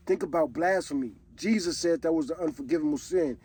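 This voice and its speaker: A man's voice: a little high, brisk, few pauses, mellow, husky, dry recording. A man, reacting to a song in casual commentary, earnest and preachy. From Chicago. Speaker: reaction video host.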